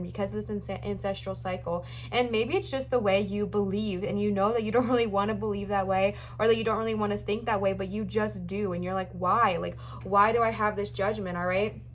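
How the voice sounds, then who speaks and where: A woman's voice: medium pitch, slight background noise. Chatty woman giving a tarot reading. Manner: chatty, reassuring, repeats phrases. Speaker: tarot reader.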